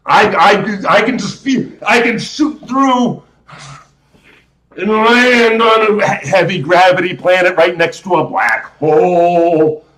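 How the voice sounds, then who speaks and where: A man's voice: sits high, takes it slowly, fairly bright tone, echoey room, rough recording. A man putting on a swaggering, self-assured drawl to mock a cocky male astronaut hero. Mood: boastful.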